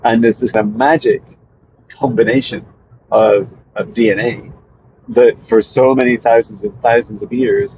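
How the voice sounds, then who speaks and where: Guy talking spiritual stuff to camera, kinda low voice, hesitant, lots of ums, muffled audio. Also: darkish tone, slight background noise. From Scotland. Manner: meandering, hesitant with fillers and restarts. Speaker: spiritual mentor. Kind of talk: casual monologue to viewers.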